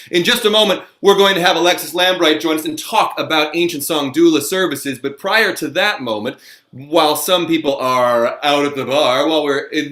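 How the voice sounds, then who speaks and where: A man's voice: a little high, a bit bright, echoey room. A man hosting a live comedy stage show, chatty and playful between acts. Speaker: host. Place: small theatre stage.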